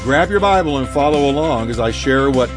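A man preaching a sermon to a congregation, emphatic and dramatic, slowing down and speeding up for effect. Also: lively intonation, big-room sound, over music. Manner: emphatic preaching with sweeping pitch swings and dramatic slowdowns. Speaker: pastor. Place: church sanctuary.

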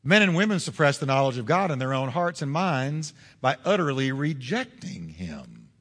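A man's voice: mid-range voice, very animated, moderate pace, a bit bright, big-room sound. A male pastor preaching a sermon in a church, emphatic and full of rhetorical questions. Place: church sanctuary.

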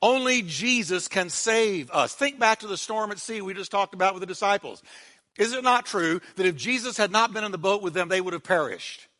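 Male pastor, dramatic sermon delivery with call-and-response; high, bright voice, big reverberant hall. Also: animated, fairly quick. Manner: dramatic preaching, dropping to a hush on quiet words; leads the congregation in call-and-response.

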